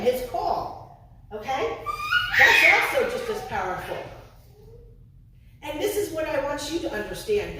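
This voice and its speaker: A woman's voice: sits high, fairly bright tone, a little hiss or hum. A woman preaching a sermon in a conversational storytelling way, now and then acting out the voices of the people in her story. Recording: echoey room, heard from a distance.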